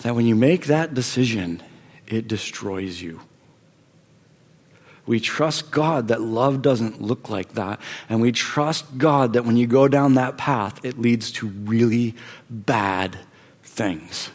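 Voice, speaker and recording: A man preaching a sermon, emphatic, repeating phrases and swinging between loud and hushed delivery. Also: medium pitch, takes it slowly, in a large hall. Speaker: pastor.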